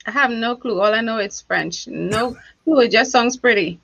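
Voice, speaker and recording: A woman with a non-American accent, a relationship expert speaking as a guest in a casual interview, animated and quick to laugh. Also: a little high, creaky, dry recording, highs cut off. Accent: foreign accent, not American. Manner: animated, laughs often, tells stories.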